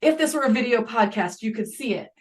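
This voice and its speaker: Animated woman guest on a podcast. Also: a little high. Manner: animated, conversational, quick asides. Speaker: school psychologist guest. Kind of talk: podcast interview.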